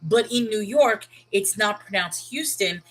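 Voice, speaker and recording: A woman's voice: medium pitch, expressive, measured pace, fairly bright tone, low-quality recording. A woman hosting her channel in casual chat, rambling and breaking off mid-sentence with frequent laughs. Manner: rambling, self-interrupting, often laughing. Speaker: channel host.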